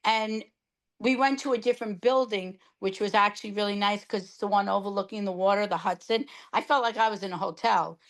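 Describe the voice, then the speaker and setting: An older woman telling a long personal story in casual podcast chat, animated and exasperated. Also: medium pitch, fairly quick. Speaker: podcast co-host sharing her cancer treatment.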